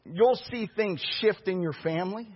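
Husky high-voiced male preacher, lo-fi. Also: moderate pace. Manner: storytelling preacher, animated and conversational. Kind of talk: sermon. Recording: dull lo-fi recording.

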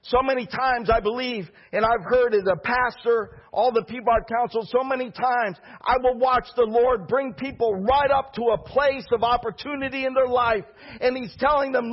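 A man's voice: very high voice, normal speed, husky, lo-fi sound. A male pastor preaching a sermon with fervor and repeating key phrases for emphasis.

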